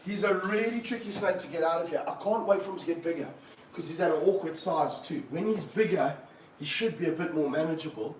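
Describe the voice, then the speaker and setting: Animated man in an echoey snake room. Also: fairly quick. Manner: animated, excited bursts, then low and muttering. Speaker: snake keeper. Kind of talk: live-stream chat while handling a snake. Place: room of snake enclosures, indoors. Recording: roomy, from a distance, faint background hum.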